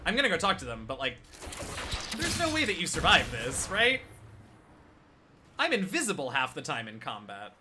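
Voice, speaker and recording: A man streaming a video game, joking and riffing in animated commentary. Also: on the high side, moderate pace, pauses often, a little hiss or hum. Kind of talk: gameplay commentary.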